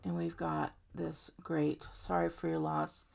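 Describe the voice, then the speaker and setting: Gravelly-voiced woman demonstrating card crafting. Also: low voice, little pitch movement, a little slow. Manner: chatty, warm-hearted, talks to viewers directly. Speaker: card-making tutorial host. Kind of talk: casual step-by-step crafting demo.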